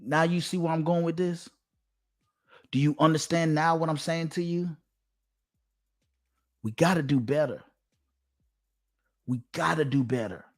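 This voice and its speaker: A man's voice: on the high side, unhurried, long pauses. A man giving a preachy direct-to-camera monologue, emphatic and repetitive, with a sermon-like cadence. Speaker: online commentator.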